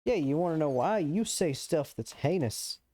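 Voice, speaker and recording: A man's voice: on the high side, expressive, moderate pace, mellow, a little hiss or hum. A man streaming a game live, chatting casually, joking and laughing often, stumbling and restarting his sentences.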